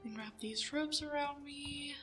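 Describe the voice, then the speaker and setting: A woman's voice: high-pitched, a little slow, a bit bright, faint music behind. A woman playing a frightened young woman held captive in an audio drama, talking in whispery, breathless bursts and stammering when scared. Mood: tense, frightened. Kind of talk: audio drama role-play.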